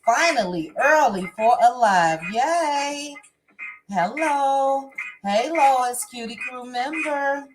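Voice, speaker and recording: A woman's voice: sits high, slow pace, noisy background. A woman hosting a casual livestream, reading viewer comments and greeting each viewer by name. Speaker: livestream host. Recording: music playing behind the voice.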